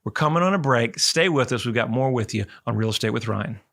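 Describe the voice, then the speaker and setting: Chatty, bright-voiced male radio host. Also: medium pitch, lively intonation, fast talker, vocal fry, soft background music. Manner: rambling, chatty, folksy. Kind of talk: casual radio talk.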